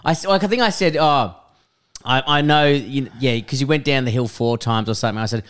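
A young man co-hosting a casual podcast, telling animated, sweary stories. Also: mid-range voice, fairly quick, clean tone. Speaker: podcast co-host. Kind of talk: casual chat.

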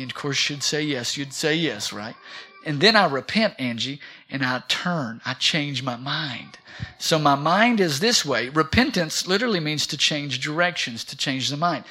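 A middle-aged man preaching a sermon in a church, rousing, calling for amens and swinging between loud and soft. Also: fairly high pitch, expressive, moderate pace. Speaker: pastor. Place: church sanctuary.

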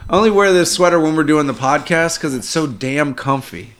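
A man's voice: a little high, moderate pace, a bit bright, slight background noise. A man from the American South co-hosting a comedy podcast, laid-back and casually swearing. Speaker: podcast co-host. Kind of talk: casual chat.

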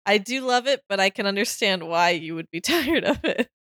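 A woman's voice: mid-range voice, animated, fairly quick, a bit bright, no echo, studio quality. A woman chatting casually on a podcast, laughing often and trailing off into restarts. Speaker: podcast panelist.

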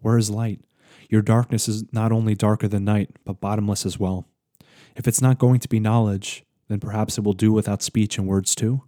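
Soul spirit, stern and ageless, read by a man: low, even delivery, dry close sound. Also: normal speed, no echo, close to an everyday voice. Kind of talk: dramatic reading aloud.

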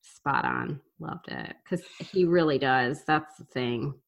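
A woman's voice: extremely low pitch, wildly swooping pitch, slow pace, creaky. A woman co-hosting a podcast in casual chat, enthusiastic and chatty, often restarting her sentences. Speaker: podcast co-host.

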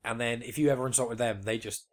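A man's voice: mid-range voice, fairly even intonation, fast. A man in his twenties talking casually on a podcast, rambling with lots of restarts and swearing. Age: 20s. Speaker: podcast co-host. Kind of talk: casual chat.

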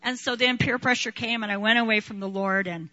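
A woman preaching a sermon and sharing her testimony, animated, laughing often and acting out quotes. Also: fairly high pitch, a little fast, dull audio.

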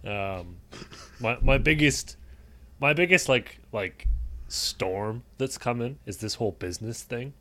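A young man in casual chat with a friend, relaxed, laughing often and swearing casually. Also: medium pitch, a little slow.

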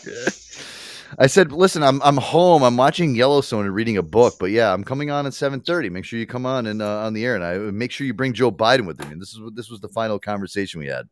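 A man hosts a loose, casual podcast, cursing freely and breaking into laughter. His pitch moves in a lively, animated way. The sound is dry and close. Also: fast, no echo. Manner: laughing often, swearing, loose and chatty. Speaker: podcast host. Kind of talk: casual chat.

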